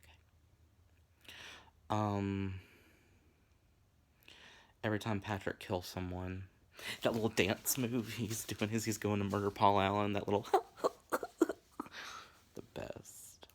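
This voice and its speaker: A man's voice: lowish voice, little pitch movement, measured pace, pauses often. A man in his twenties giving casual, rambling commentary as a vlogger, full of crude, campy, profane asides.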